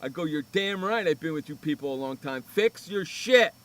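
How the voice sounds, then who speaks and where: A man's voice: on the high side, fast, fairly bright tone. A man hosting a sports radio show, telling a profane, ranting story in casual chat.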